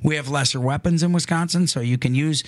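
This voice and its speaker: A man with a somewhat raised speaking pitch hosts a studio chat show. He talks in a loose, joking way and restarts his sentences often. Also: quick pace. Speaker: radio show host.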